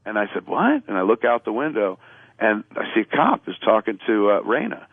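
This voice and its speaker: A man's voice: fairly low pitch, a little fast, dry recording. A man telling a loose, profane story as a radio show guest, acting out what each person said, with plenty of filler words. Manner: animated storyteller acting out quoted lines. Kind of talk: casual anecdote on a radio talk show. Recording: narrow phone-like radio sound.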